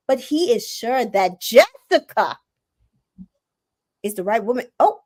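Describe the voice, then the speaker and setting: High-voiced woman recapping a reality show. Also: big pitch swings, measured pace, pauses often. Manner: chatty, recounts plot with sassy asides. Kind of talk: casual recap chat.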